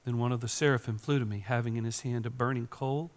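A man preaching a sermon, swinging from hushed whispers to loud, impassioned preaching. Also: medium pitch, steady tone, fast talker. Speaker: pastor.

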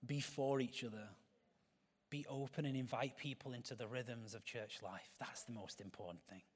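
A man's voice: mid-range voice, fairly even intonation, normal speed, breathy edge. A man, a pastor giving a sermon in a chatty way, with joking asides to the congregation.

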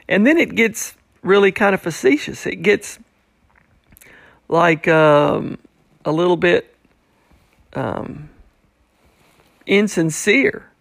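A man's voice: high-pitched, lively intonation, takes it slowly, gravelly, pauses often, no room sound, clean studio sound. A man teaching a Bible passage who acts out the people's questions in a mocking tone. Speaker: preacher.

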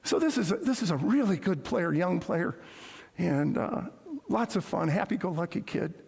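A male pastor delivers a sermon in a high, husky voice. He tells stories and acts out the lines he quotes, sometimes dropping to a hushed tone. The sound carries the long reverb of a large church hall. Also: expressive, moderate pace. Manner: storytelling, acts out quotes, drops to hushed tones.

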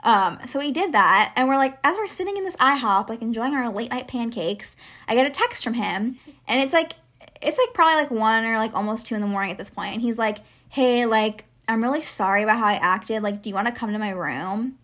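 A woman's voice: fairly high pitch, expressive, brisk, a bit bright. A woman in her twenties, a podcast co-host, telling a long personal story in casual chat, with lots of "like" fillers. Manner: chatty, heavy use of filler "like".

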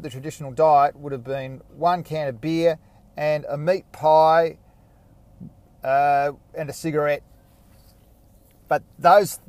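An Australian man hosting a casual solo podcast, rambling and self-mocking, with sudden excited bursts. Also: a little high, no echo. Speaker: podcast host.

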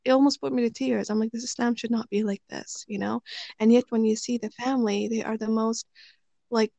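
A woman telling stories in relaxed conversation, rambling with many fillers and restarts. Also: a little high, fairly quick, vocal fry, dry recording. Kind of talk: casual conversational storytelling. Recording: dry, slightly muffled recording.

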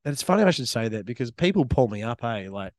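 A man's voice: medium pitch, sing-song, fast, dry recording, clean studio sound. A New Zealand man co-hosting a podcast, trading crude jokes and banter in a casual chat. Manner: crude, joking banter with funny voices. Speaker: podcast co-host. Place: resort room, in person.

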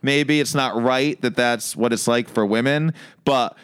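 A man's voice: mid-range voice, a little slow, a bit bright, smooth. A man in his thirties, a comedian chatting casually as a podcast guest, telling stories and acting out both sides of conversations. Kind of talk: casual chat.

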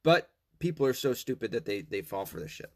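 A man delivers a long, rambling, casual monologue, reading online comments aloud with mocking asides, swearing often and stumbling through fillers and restarts. His voice is medium-pitched, sing-song and fairly quick.

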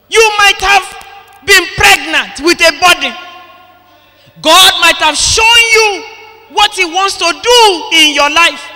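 Impassioned high-voiced preacher. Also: male voice, sharp tone. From Nigeria. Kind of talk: sermon. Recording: long hall reverb.

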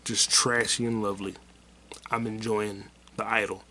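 A man's voice: on the low side, flat delivery, normal speed, sharp tone, slight background noise. A man hosting his own podcast, rambling through a casual solo monologue in a crude, heated way and mocking people with repeated put-downs. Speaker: podcast host.

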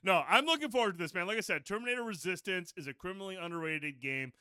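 A man co-hosting a gaming podcast, chatting casually and excitedly and swearing freely. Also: high voice, fast, clear, resonant tone, dry recording, studio quality. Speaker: podcast co-host. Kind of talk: casual chat.

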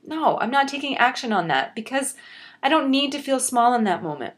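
A woman's voice: a little high, animated, normal speed, fairly bright tone. Earnest young woman hosting a motivational podcast. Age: young adult. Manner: earnest, encouraging, self-reflective; speaks directly to the listener. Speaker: podcast host.

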